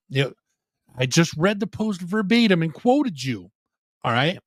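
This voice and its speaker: A man's voice: on the high side, sing-song, unhurried, no room sound, studio quality. A man hosting a live rock show stream, joking and profane, playing up a mock apology. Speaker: podcast host.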